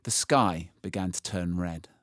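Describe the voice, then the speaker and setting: A man reading a storybook aloud, slow and expressive, rising with the drama. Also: sits low, no room sound, studio quality.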